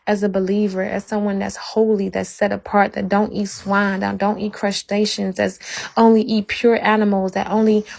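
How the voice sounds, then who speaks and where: Gravelly woman preaching on a livestream. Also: mid-range voice, little pitch movement, moderate pace, darkish tone, rough recording. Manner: fervent, repetitive, talks straight to viewers. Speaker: livestreamer sharing faith testimony. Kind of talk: livestream faith testimony, preachy.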